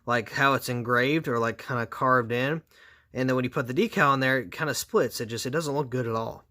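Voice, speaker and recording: A man's voice: medium pitch, brisk, sharp tone. A man reviewing model cars in a casual, rambling way, tired with his voice going out, dropping sarcastic asides. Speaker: diecast reviewer.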